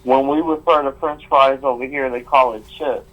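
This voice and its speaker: Male caller, muffled call line, halting speech with lots of ums. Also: medium pitch, steady tone. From United States. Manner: hesitant, many ums and restarts, laughs. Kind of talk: casual chat.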